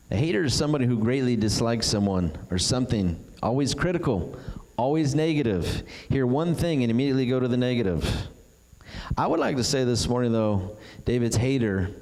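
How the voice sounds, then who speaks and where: A man preaching a sermon, retelling a story with animated delivery and acting out the characters' voices. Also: on the low side. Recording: long hall reverb.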